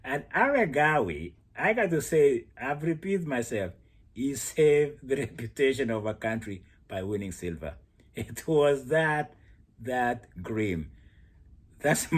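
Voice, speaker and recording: Husky man laughing through race analysis. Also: medium pitch. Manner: laughs often while talking, animated storytelling. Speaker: athletics commentator. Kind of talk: casual race analysis monologue.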